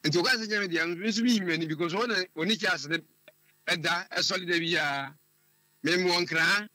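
Husky-voiced man telling his story. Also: sits high, bright, forceful tone, no room sound. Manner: halting, repeats words while searching for them. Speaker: caller. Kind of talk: telling a personal story on a call-in show.

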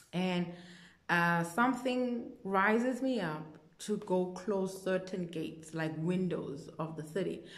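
A woman sharing a dream in a casual, earnest testimony, rambling at times with restarts and growing animated. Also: on the low side. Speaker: dream-sharing ministry host. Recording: roomy echo.

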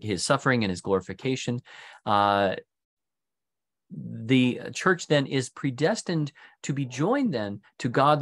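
A man speaking as a Franciscan priest in a recorded retreat talk. His delivery has an earnest preaching rhythm and builds long strings of phrases. He pauses often and fills the gaps with "uh". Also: mid-range voice, a bit bright. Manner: pauses with frequent "uh" fillers.

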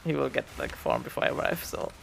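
A man's voice: lowish voice, wildly swooping pitch, fast, gravelly. A man, an English speaker, giving casual gameplay commentary as a streamer, with gamer slang. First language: German.

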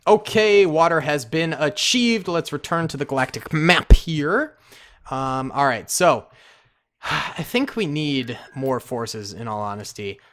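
A man giving casual, excitable, slangy commentary while playing a strategy game, talking to himself and his viewers. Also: a little high, slow pace. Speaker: gaming commentator. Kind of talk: casual let's-play commentary.

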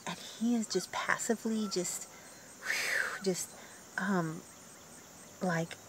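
A woman van life vlogger outdoors at a lakeside campground, giving casual, wry commentary in a hushed, often half-whispered voice. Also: medium pitch, slow, rough recording. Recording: outdoor noise with geese honking.

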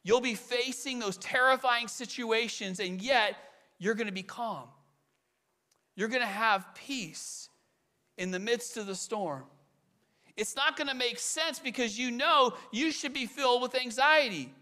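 Bright-voiced, earnest male preacher. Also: very high voice. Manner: earnest and conversational, with rhetorical questions and voiced examples; slows and leans on key phrases. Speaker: pastor. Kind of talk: sermon.

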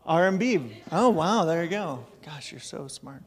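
A man's voice: a little high, expressive, a little slow. A middle-aged man preaching a casual, joking sermon to his congregation. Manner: joking, chatty, self-deprecating. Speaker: pastor. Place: church hall.

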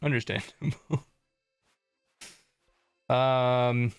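A man's voice: mid-range voice, steady tone, extremely slow, clean tone, no room sound, clean studio sound, soft background music. A young man casually commenting on his gameplay as a streamer, chatting and joking with viewers. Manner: chatty, jokey, reads chat aloud.

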